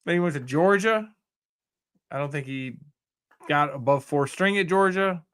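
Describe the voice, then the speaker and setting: High-voiced sarcastic man co-hosting. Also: moderate pace, a bit bright, clean tone. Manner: sarcastic, mocking quoted voices. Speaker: podcast co-host. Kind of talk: casual sports talk.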